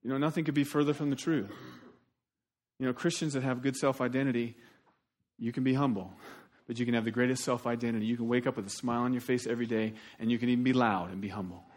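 A man preaching a sermon as pastor, animated and shifting between loud emphasis and quiet asides. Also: medium pitch, fast talker.

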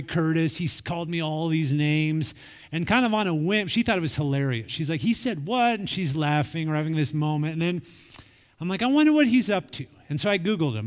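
A man in his forties delivering a sermon from the pulpit, with a voice that sits somewhat high for a man. He speaks conversationally and acts out bits of remembered family conversation. His words ring out with the long tail of a large church hall. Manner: conversational, acts out quoted dialogue. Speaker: pastor.

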